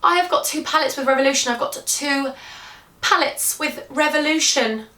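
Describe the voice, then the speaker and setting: A British woman in her twenties, a beauty vlogger gushing through a tearful, excited announcement. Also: high voice, moderate pace. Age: 20s. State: teary. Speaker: beauty YouTuber. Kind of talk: emotional vlog announcement. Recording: roomy, from a distance.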